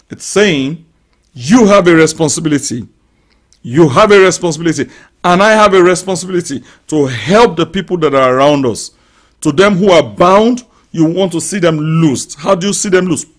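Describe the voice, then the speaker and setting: Preaching in a live-streamed service, this pastor has a voice higher than his build suggests and keeps a moderate pace. Calm scripture reading gives way to fervent preaching that climbs into loud shouts, with declarations, speaking in tongues, and loud prayer over those listening.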